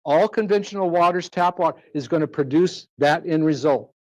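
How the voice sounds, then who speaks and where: A man giving a persuasive live sales pitch to an audience in a presentation room, firing rhetorical questions at the crowd. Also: moderate pace, a little mellow, dull audio.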